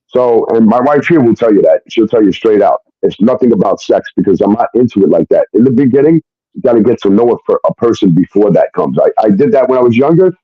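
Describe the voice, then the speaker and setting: A man's voice: mid-range voice, no echo. A man telling a personal story in a casual, rambling way, blunt and full of fillers and swearing. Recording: muffled dry recording.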